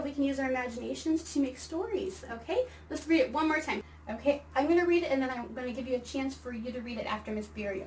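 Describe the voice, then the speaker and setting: A woman with a high voice teaches a kindergarten class by video, sounding out words slowly and clearly for small children. She sits a little away from the mic. A faint hiss runs underneath. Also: far from the mic, poor audio. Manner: slow, exaggerated word-by-word reading for children. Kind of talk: virtual read-aloud and phonics lesson. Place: home or classroom, recording a video lesson.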